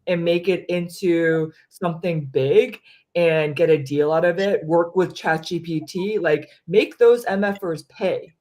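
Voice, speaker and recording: A woman hosting a casual chat over a meal, talking quickly and loosely with lots of "like" and "you know". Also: fairly low pitch, darkish tone. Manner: casual, fast-talking, peppered with "like". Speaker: host.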